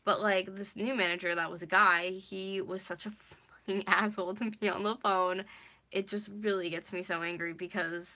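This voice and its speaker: Speaking at a normal speed in a mid-range, steady voice with a sharp tone, a twenty-something woman shares a casual storytime vlog. She rambles, leans heavily on "like," and throws in the odd swear.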